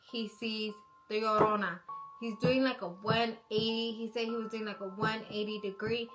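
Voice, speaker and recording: A woman telling a spooky story in a casual way, packed with "like" and "you know", sometimes going hushed. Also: fairly high pitch, poor audio. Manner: chatty, full of "like" and "you know" fillers.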